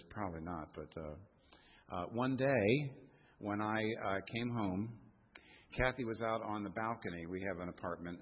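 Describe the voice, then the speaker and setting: A man preaching a sermon as a pastor, telling a personal story in a halting way with many restarts. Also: fairly low pitch, breathy edge. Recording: tinny lo-fi recording in a reverberant hall.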